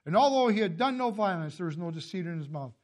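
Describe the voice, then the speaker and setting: A man preaching a sermon and reading scripture, impassioned, swinging from loud calls to low, hushed lines, often coughing and clearing his throat. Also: expressive, fast. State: emotional, tearing up. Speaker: pastor.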